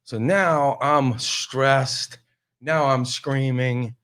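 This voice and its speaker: A man telling a casual, animated comic story on a talk show, full of exasperation. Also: mid-range voice, extremely slow, clear, resonant tone.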